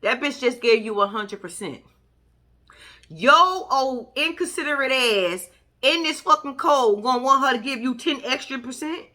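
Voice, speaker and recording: A woman's voice: sits high, expressive, normal speed, pushed and bright. A woman giving casual reaction commentary as a vlogger, blunt and profane, ranting in exasperation.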